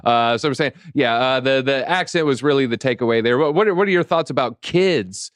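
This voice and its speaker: A man's voice: medium pitch, a little fast, clean tone, dry recording, clean studio sound. Jokey man co-hosting a crypto stream. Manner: jokey, animated storytelling. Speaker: crypto show co-host. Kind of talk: casual livestream market chat.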